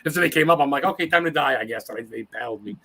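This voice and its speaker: In a casual interview, a man in his forties rattles off rambling, profanity-laced, emotional personal stories as a podcast guest. His voice is mid-range, husky, bright and forceful, and he talks in rapid bursts.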